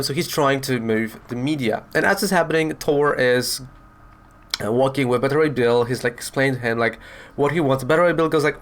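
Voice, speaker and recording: A man's voice: mid-range voice, moderate pace, fairly bright tone. A man casually reviewing a comic book, chatty and rambling as he retells the story.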